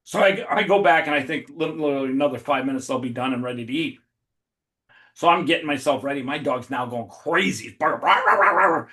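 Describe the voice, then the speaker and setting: A man in a casual podcast chat, telling a long funny story in an animated way, swearing freely and laughing as he goes. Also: mid-range voice, quick pace. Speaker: podcast guest.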